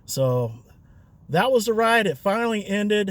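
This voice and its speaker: A man's voice: high voice, big pitch swings, a little slow. A man, a rideshare driver and vlogger, telling a story in a chatty, loose way with fillers and chuckles. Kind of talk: casual storytelling.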